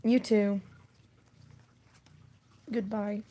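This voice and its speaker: A woman's voice: mid-range voice, level tone, very slow, mellow. A woman chatting casually on a livestream, rambling and wry with plenty of fillers, while coming down with a cold.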